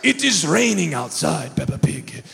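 A man doing a goofy cartoon daddy pig, sing-song and booming. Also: sing-song, vocal fry, fairly bright tone, in a large hall, exaggerated voice. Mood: cheerful. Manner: slow, exaggerated sing-song cartoon delivery.

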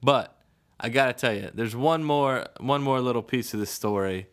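A man hosts a casual podcast and tells a long story in an animated, chatty way. He laughs often and keeps checking in with "right?". His voice sits in an ordinary middle range. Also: mid-range voice, moderate pace.

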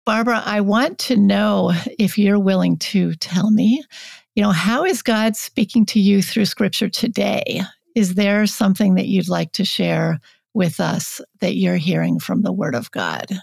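A woman hosting a podcast, gently prompting her guest with questions. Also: mid-range voice, lively intonation, a little slow, creaky, no echo. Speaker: podcast host. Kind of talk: interview questions.

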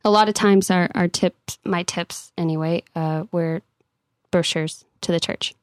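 A woman co-host telling stories about waitressing in a quick, chatty way, giggling now and then. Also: fairly low pitch, steady tone, no echo, clean studio sound. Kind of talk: casual chat.

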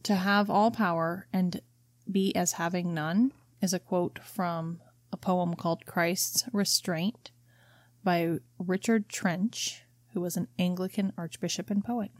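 Lower-voiced woman reading and discussing. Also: fairly even intonation, slow pace, dry recording, studio quality. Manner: reads quotes aloud then explains them plainly. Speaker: podcast co-host. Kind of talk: casual book discussion with read passages.

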